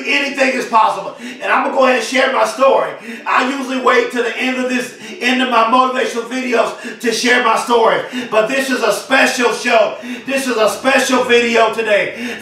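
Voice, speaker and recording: A man giving a fiery, repetitive motivational speech, often shouting. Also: very high voice, very echoey, far from the mic. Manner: fiery, emphatic preaching cadence with repetition. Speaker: motivational speaker.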